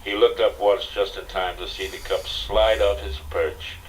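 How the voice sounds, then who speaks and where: An older man narrating an audiobook in a steady, dramatic storytelling manner, on a distant, hissy cassette recording. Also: lowish voice, a little slow. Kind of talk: scripted narration.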